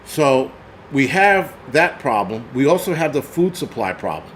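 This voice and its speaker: A man's voice: medium pitch, big pitch swings, unhurried, a little hiss or hum. A man hosting his own channel, ranting angrily and swearing through a casual monologue. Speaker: channel host. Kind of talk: profane rant vlog.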